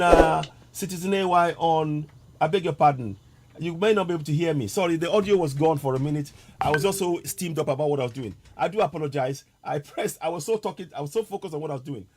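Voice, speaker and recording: A male host, running a live political talk broadcast and stressing his key points by repeating them slowly. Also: on the high side, darkish tone, rough recording.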